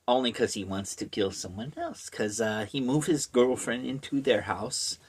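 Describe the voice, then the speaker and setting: A horror book reviewer giving a rambling, deadpan, casual recap of a book, with many asides. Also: medium pitch, normal speed, hardly any pauses, breathy edge.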